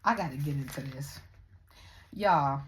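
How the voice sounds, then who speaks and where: A young woman vlogger ranting in a blunt, profane, animated way as she comments on other creators. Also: deep voice, normal speed. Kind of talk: casual commentary rant.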